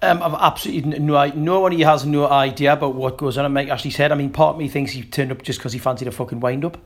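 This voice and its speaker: A man's voice: on the high side, steady tone, fast talker. A man appearing as a guest on a casual football podcast, ranting scornfully and swearing a lot.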